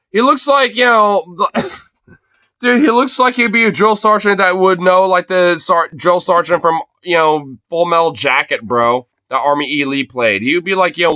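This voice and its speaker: A man doing profane, excitable live reaction commentary as a streamer, laughing and often shouting. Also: sits high.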